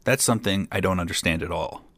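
A man's voice: sits low, fast, a bit bright, no room sound. A man voicing a naive, fearless young boy who talks plainly and earnestly.

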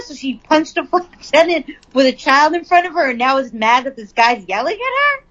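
Chatty, swearing woman with a lively voice. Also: high voice, brisk, lo-fi sound. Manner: chatty, profane, reads news then riffs on it. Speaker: commentator. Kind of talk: casual news commentary.

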